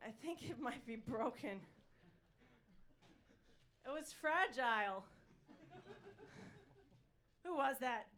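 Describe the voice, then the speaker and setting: A brash, self-satisfied male talk show host, played by a woman with a put-on New York accent works a live crowd. The voice is bright and a touch high, dropping boastful deadpan jokes. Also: slow pace, pauses often. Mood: cocky. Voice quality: boastful, deadpan one-liners. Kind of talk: stand-up character comedy. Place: live stage before an audience.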